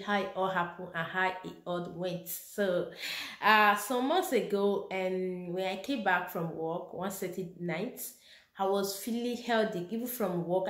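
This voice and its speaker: Young female vlogger, chatty and laughing, recorded in an echoey room. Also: medium pitch. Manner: chatty, laughs often while telling. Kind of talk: casual personal storytelling.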